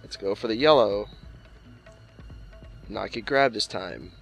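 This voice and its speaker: A man's voice: lowish voice, slow, gravelly, fairly bright tone, faint music behind. A man playing a video game and commenting casually, swearing often and snapping back at the game with exasperated outbursts. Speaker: let's play gamer.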